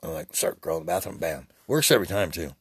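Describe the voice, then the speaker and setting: Guy in his 60s rambling and cussing about god and dreams, deep husky voice. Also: lively intonation, fast talker, no echo, studio quality. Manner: rambling, preachy and profane. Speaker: podcast host. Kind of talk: spiritual motivational monologue.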